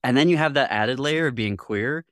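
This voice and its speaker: A man with a mid-range, fairly bright voice talks at normal speed in a reflective interview, where he's the guest. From Northwest Lower Michigan, US, he is thoughtful, laughs often, and acts out others' words, with clean studio sound and no room sound.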